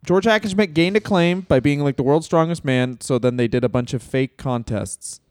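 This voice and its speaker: A man's voice: a little high, normal speed, darkish tone, clear, resonant tone, dry recording, studio quality. A man co-hosting a wrestling history podcast, talking in a rambling, joking way. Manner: rambling, joking, slips into silly accents. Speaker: podcast co-host. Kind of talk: casual comedic chat.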